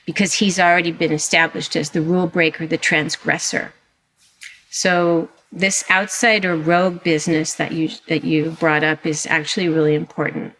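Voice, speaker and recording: A woman, a historian and author, speaking as a guest in a conversational interview, animated and emphatic with frequent restarts. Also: low voice, normal speed.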